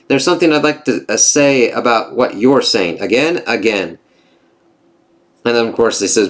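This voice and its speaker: A man casually reviewing a comic book, reading dialogue aloud and reacting with frequent swearing. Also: on the low side. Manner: profane, reads dialogue aloud with quick reactions.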